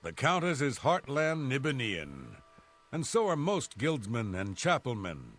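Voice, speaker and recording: A man's voice: medium pitch, huge pitch swings, a little slow, a bit bright, no room sound, full character voice. An actor voicing a plain-spoken male townsman in a fantasy video game, making matter-of-fact, gossipy small talk.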